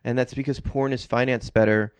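A man's voice: mid-range voice, steady tone, brisk, clean tone, dry recording. An American man hosting a podcast, joking and giving opinions in casual interview chat. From United States. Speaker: podcast host.

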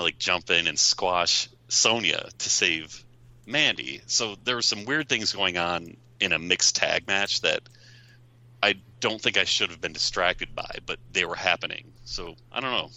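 A man talking casually and analytically on a wrestling podcast, thinking aloud in a measured way. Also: deep voice, sharp tone.

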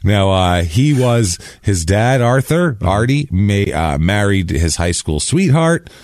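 A man's voice: fairly low pitch, big pitch swings, slow, a little mellow, slight background noise. A man hosting a podcast, telling a story in a casual, jokey, rambling way with lots of restarts. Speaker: podcast host.

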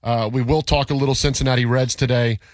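A man's voice: mid-range voice, steady tone, quick pace, dry recording. A man co-hosting sports talk radio, arguing his points emphatically and repeating himself to press them.

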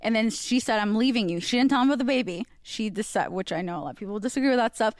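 A woman guest telling a family story in casual podcast chat, chatty and animated. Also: on the high side, rapid-fire, no room sound, clean studio sound. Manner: chatty and animated, acting out quoted lines.

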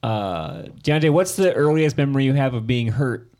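A man's voice: medium pitch, animated, moderate pace, a little mellow. A man hosting a podcast in casual chat, talking in a rambling way full of fillers. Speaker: podcast host.

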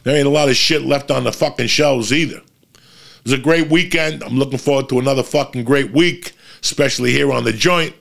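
A man's voice: mid-range voice, brisk, gravelly, fairly bright tone. A man hosting his podcast, telling a rambling story in casual chat and swearing constantly. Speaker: podcast host.

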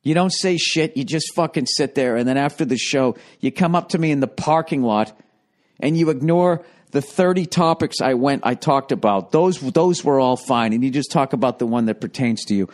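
A man's voice: mid-range voice, moderate pace. Profane, rambling middle-aged male comic. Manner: profane, rambling, wry storytelling. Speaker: comedian hosting a podcast. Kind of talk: casual comic storytelling monologue.

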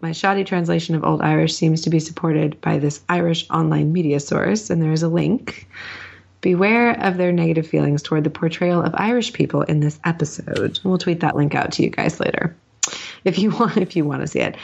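A woman's voice: sits low, brisk, vocal fry. A woman co-hosting a podcast, chatting casually and reading listener mail aloud, laughing often between points. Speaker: podcast co-host. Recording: dull, lo-fi mic sound.

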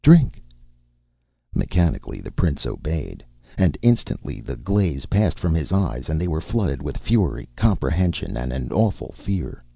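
Man narrator, very low husky voice, expressive pulp-adventure reading. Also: moderate pace, no room sound. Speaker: audiobook narrator. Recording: dull, dry audiobook recording.

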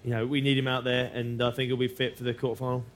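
A man co-hosting a casual sports podcast, talking in a relaxed, chatty way. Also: medium pitch, fast talker. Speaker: podcast co-host. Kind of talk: casual chat.

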